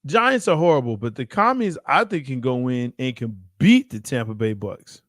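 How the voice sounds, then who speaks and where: A male sports podcast co-host who argues football rankings with a grin in his voice. His pitch swings up and down as he teases, laughing through his points. The sound is dry and close. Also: moderate pace, no echo. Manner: teasing, laughs often, animated. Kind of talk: casual sports debate.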